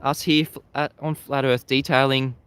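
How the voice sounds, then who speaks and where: An Australian man talks through a casual live broadcast in an easy, conversational voice at a mid pitch. He laughs often and doubles back on his words as he goes. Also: level tone, moderate pace, a bit bright, smooth, no room sound. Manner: chatty, laughs often, repeats words as he restarts. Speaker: livestream host. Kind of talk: casual live-stream talk, reading chat. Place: outdoors facing the sea at sunrise.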